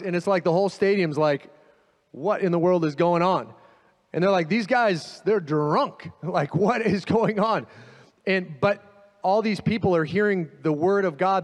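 Animated pastor preaching in a hall. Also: male voice, high voice. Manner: animated storytelling, acting out quoted voices. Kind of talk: sermon.

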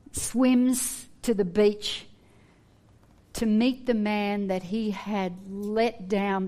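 A woman preaching a sermon, earnest and animated, with humorous asides. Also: medium pitch.

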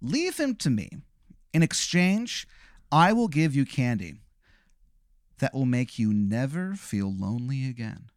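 A man's voice: mid-range voice, very animated, a little slow, dry recording, clean studio sound. A man voicing a sinister, oily candy-peddling man in a red suit who coaxes and then threatens. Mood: coaxing. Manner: oily, coaxing, then menacing.

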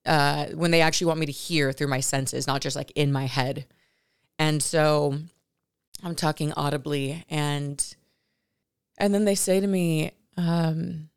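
A young woman vlogger telling a personal spiritual story in a rambling, halting way, often correcting herself and drifting into near whispers. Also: deep voice, clear, resonant tone.

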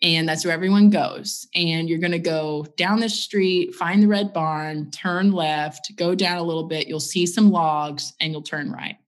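Matter-of-fact woman in her thirties, lowish voice. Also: steady tone, measured pace, few pauses. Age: 30s. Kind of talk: casual storytelling chat.

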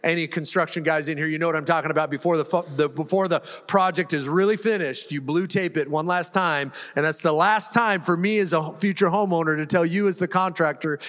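A man's voice: on the high side, brisk, hardly any pauses, fairly bright tone. A male pastor preaching to a congregation, telling a personal story in a casual, self-deprecating way with frequent laughter. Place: church hall with a congregation. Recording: echoey hall.

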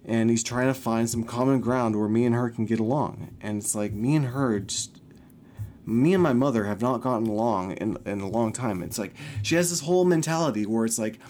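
A man's voice: mid-range voice, moderate pace, a little mellow. A young man holds forth on his podcast in a mid-range voice, frustrated and swearing. His speech runs in long, heated stretches. Faint noise sits under the recording. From California. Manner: frustrated, ranting, swears often, mimics his mother. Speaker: podcast host. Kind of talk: personal monologue.

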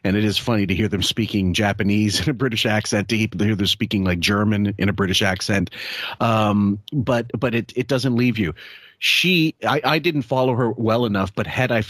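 A man's voice: on the low side, a bit bright, dry recording. A man co-hosting a podcast in casual, profane, mocking banter and laughing often. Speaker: podcast co-host.

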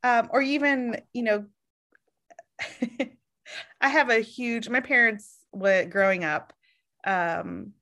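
A woman from the United States in casual conversation, telling stories with lively quoted voices. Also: a little high, slow, pauses often. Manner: animated storytelling, acts out quoted people.

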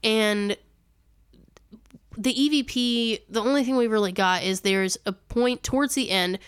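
A young woman co-hosting a paranormal podcast, her smooth voice recorded close and dry. She rambles through the story, backtracks to fix details, and laughs easily. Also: a little high, unhurried, dry recording. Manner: rambling, self-correcting, laughs often. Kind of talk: casual storytelling chat.

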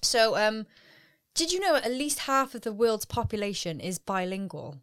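Bright-voiced woman chatting. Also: medium pitch, lively intonation, normal speed, clear, resonant tone, no echo, studio quality. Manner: playful, teasing, laughs easily. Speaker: podcast co-host. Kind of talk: casual chat.

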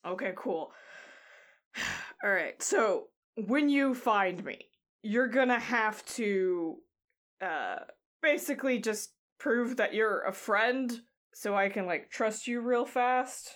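A woman runs a tabletop game as game master. She talks in halting bursts with frequent restarts. Her delivery stays fairly flat. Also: a little high.

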